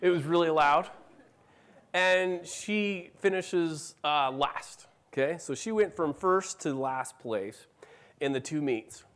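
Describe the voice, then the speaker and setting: A man's voice: fairly high pitch, slow pace, a bit bright. A middle-aged man giving a conference talk, telling a story about his family and acting out their dialogue. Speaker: conference speaker. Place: conference room.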